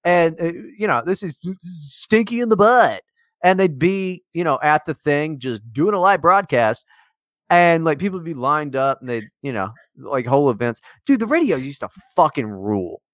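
Brief: male podcast co-host, mocking and profane, animated pitch, dry close sound. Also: normal speed, no room sound. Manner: profane, teasing, rambling. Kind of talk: casual podcast banter.

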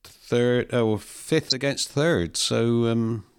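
Co-host, steady fixture reader, man with a hesitant delivery. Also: medium pitch, clear, resonant tone. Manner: measured, reads fixtures out, hesitant with "um" and "uh". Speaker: co-host of a local football podcast. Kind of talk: casual chat.

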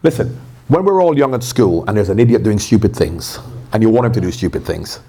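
Fast-talking man telling lively anecdotes. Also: on the low side, husky. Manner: lively, acts out quotes, laughs often. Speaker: interview guest, former pro footballer. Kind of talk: animated anecdotal storytelling. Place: live event at a stadium venue.

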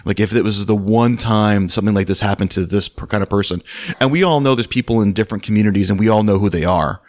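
A man hosting a podcast in casual chat, measured, circling his point with many fillers and restarts. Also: lowish voice, a little mellow. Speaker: podcast host.

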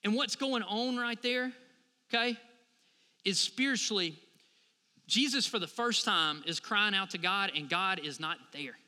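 A man's voice: sits high, measured pace, bright, forceful tone, long reverb tail. A man in his thirties preaching a sermon as a pastor, talking conversationally and asking the congregation for responses.

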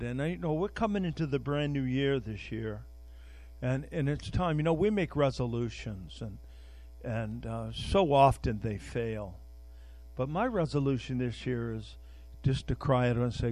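A man's voice: a little high, expressive, moderate pace, darkish tone, dry recording. An older man preaching an informal sermon, speaking conversationally and repeating words while searching for them, with a prayer woven in.

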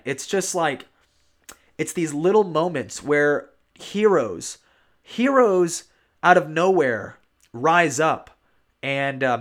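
Earnest storytelling man, slightly high voice. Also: a bit bright. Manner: earnest, repeats words for emphasis, with frequent fillers. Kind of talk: casual historical storytelling.

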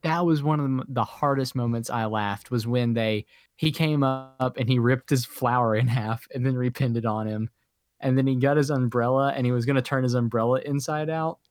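Man, podcast co-host, casual chat, laughs a lot, mid pitch, dry recording. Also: a little fast, no room sound. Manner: laughs often, animated storytelling.

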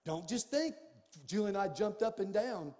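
High-voiced pastor preaching in a reverberant hall. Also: male voice, moderate pace. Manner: animated, swings from hushed to shouting. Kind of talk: sermon storytelling.

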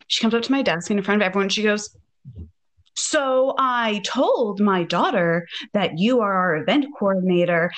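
Animated woman telling a story. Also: medium pitch. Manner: animated, acts out quoted dialogue. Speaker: podcast host. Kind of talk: casual storytelling.

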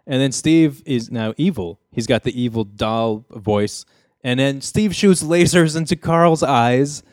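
A man chats casually on a podcast, walking his co-hosts through a sitcom episode with a joking, storytelling manner. He slips into quick impressions of the characters. His voice sits in an ordinary middle pitch, recorded dry and close. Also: darkish tone, dry recording. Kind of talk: casual chat.

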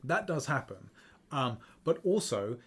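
A man's voice: medium pitch, big pitch swings, measured pace, slightly rough. A man co-hosting a podcast in casual chat, rambling with many fillers and restarts. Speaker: podcast co-host.

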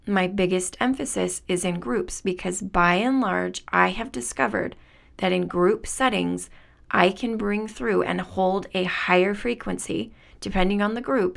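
A woman's voice: on the low side, vocal fry. A woman hosting a spiritual podcast, talking in an earnest, enthusiastic way and laughing often. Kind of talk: reflective spiritual monologue.

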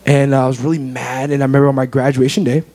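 A young American man gives a personal testimony as an interview guest. His voice is warm and mellow. He tells his story earnestly and from the heart. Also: medium pitch, level tone, quick pace. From United States.

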